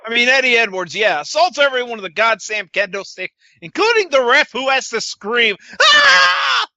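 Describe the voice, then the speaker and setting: A man's voice: extremely high pitch, very animated, a little fast, pushed and bright, dry recording, dull audio. A man co-hosting a podcast, recapping wrestling in casual chat with a sarcastic, swearing manner. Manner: sarcastic, swears, quotes wrestlers in put-on voices. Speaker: podcast co-host.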